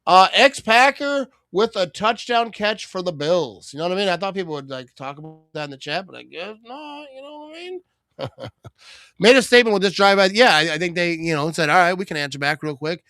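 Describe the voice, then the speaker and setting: A man from Wisconsin talks through a live game stream in a high, bright voice. He is loose and chatty, laughs often and tosses in "you know what I mean" again and again. The sound is dry and close, with no room echo. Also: expressive, brisk. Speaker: host of a live watch party stream. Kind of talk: casual live-stream commentary.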